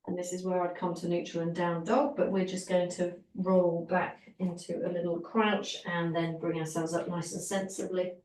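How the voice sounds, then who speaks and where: A woman teaching a guided Pilates session, giving calm, encouraging step-by-step cues for breathing and movement. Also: lowish voice, moderate pace, hardly any pauses, distant mic. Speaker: Pilates instructor. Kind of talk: guided exercise class. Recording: roomy echo, voice from off the mic.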